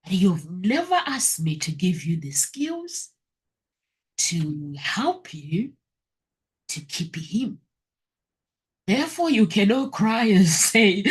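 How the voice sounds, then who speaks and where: Slow, breathy woman telling her story. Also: expressive. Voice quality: breathy, often near a whisper. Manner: emotional, pitch rising sharply when recounting crying. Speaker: talk show host. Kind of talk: personal testimony to viewers.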